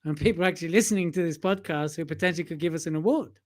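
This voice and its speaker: Guy cohosting a podcast, teasing and laughing a lot, fairly high voice. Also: very fast, darkish tone. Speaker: podcast co-host. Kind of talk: casual banter.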